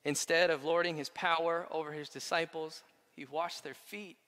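Male pastor preaching in a big hall with long reverb, high and bright-toned. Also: normal speed. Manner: animated, swings from quiet to loud. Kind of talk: sermon.

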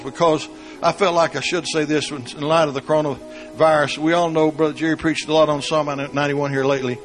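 A man preaching a sermon, moving between soft storytelling and shouted emphasis. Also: on the high side.

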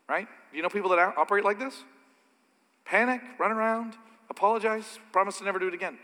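A man preaching a sermon as pastor, swinging from soft asides to loud, emphatic peaks. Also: high voice, animated, fairly quick. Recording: long hall reverb.

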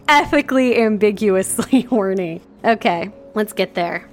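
A woman's voice: medium pitch, lively intonation, measured pace, soft background music. A woman reading a classic novel aloud on a podcast, breaking off for jokey, self-mocking asides. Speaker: podcast co-host.

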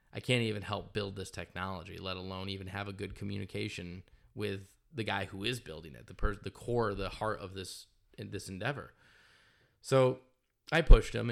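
A man with a gravelly, creaky voice talks straight to camera about a rough day as a CEO. He is blunt and emotional, and he swears freely as he pushes through his story. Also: on the low side, fairly bright tone. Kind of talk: candid vlog monologue.

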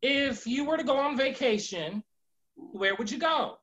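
A woman co-hosting a podcast, putting questions to the others in an unhurried, repetitive way. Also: high voice, expressive, a bit bright, poor audio. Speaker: podcast co-host asking questions. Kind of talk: casual chat.

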